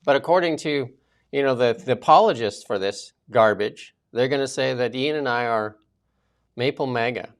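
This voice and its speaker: A Canadian man co-hosts a political talk show, ranting with indignation and tossing in sarcastic asides during the commentary chat. His voice is medium-pitched and moderately paced.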